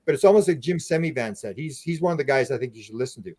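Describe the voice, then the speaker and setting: Guy talking super fast on a podcast, rambling stories, dry close sound. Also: medium pitch, expressive, darkish tone, dry recording. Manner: rapid, rambling anecdotes with restarts. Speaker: guest, UFO researcher and author. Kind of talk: podcast interview storytelling.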